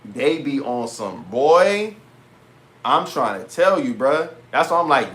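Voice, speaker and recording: A man's voice: medium pitch, slow. A young man telling a story to camera for his vlog in casual slang with swearing, and he acts out both sides of conversations. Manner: animated, slangy, swears, retells dialogue in quoted voices. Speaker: vlogger.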